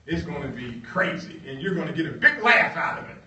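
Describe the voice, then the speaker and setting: A man voicing a scheming, mocking plantation boss who talks loud and boastful, heard from a distance in an echoey room. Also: on the high side, sing-song, brisk, full character voice.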